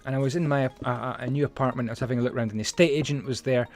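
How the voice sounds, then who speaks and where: A man's voice: medium pitch, fairly even intonation, very fast. Chatty man narrating a building game. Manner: rambling, chatty, many fillers and asides. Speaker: Minecraft building channel host. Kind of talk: casual building commentary and storytelling.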